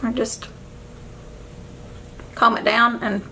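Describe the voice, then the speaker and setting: A woman's voice: on the high side, flat delivery, takes it slowly, gravelly, bright, forceful tone, slight background noise. A young woman chatting casually at home while doing her makeup, emotional and effusive, rambling from one thought to the next. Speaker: beauty vlogger. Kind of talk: casual get-ready-with-me chat. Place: at home, indoors.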